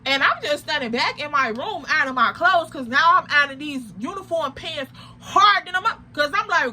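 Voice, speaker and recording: High, bright-voiced young woman telling a story. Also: normal speed, slight background noise. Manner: animated, slangy, emphatic retelling. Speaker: vlogger. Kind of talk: casual storytime.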